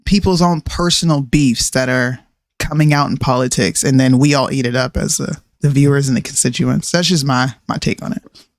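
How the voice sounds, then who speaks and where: A woman's voice: a bass voice, steady tone, moderate pace, no room sound, studio quality. A woman co-hosting a casual political talk show, giving her opinions emphatically. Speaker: show co-host.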